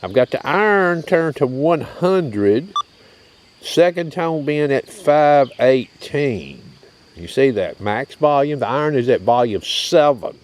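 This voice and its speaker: A metal detecting channel host from Tennessee casually demonstrates gear outdoors, drawling in a folksy way and frequently checking in with "okay?" and "you hear that?". His voice is mid-range, expressive, and slow, with slight background noise.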